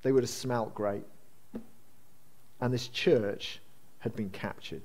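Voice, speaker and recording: A man's voice: on the low side, slow pace, a little mellow. A man preaching a sermon in a conversational, self-deprecating storytelling way with frequent fillers. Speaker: pastor.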